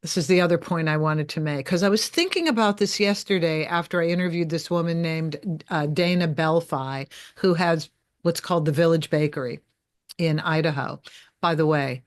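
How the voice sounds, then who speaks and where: A woman hosting a casual chat, asking probing questions and reflecting out loud, with an expressive delivery. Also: low-pitched, normal speed. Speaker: host.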